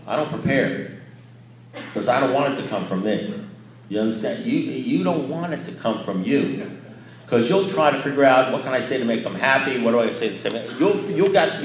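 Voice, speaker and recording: A man giving an unprepared talk at a recovery meeting, rambling and conversational with blunt, darkly joking asides. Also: a little high. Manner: rambling and conversational, many "you know"s. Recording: echoey room.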